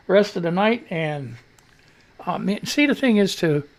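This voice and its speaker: A man's voice: high voice, expressive, takes it slowly. A man hosting a live radio show, telling a rambling story in casual chat with fillers and mild cursing.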